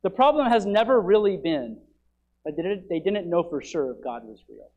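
Male pastor, high-pitched, preaching with sharp swings between forceful peaks and quiet drops. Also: expressive, normal speed, dull audio. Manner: swings from loud urgent preaching to quiet, low asides. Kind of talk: sermon.

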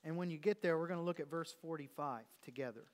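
Pastor preaching in a reverberant church. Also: male voice, fairly high pitch, fast talker. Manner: conversational, teasing the congregation with questions. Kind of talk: sermon. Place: church sanctuary.

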